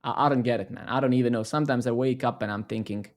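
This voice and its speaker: Brief: male live-coding streamer, casual and profane, sarcastic running commentary at a mid-range pitch. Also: quick pace. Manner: rambling, sarcastic, profane, self-mocking.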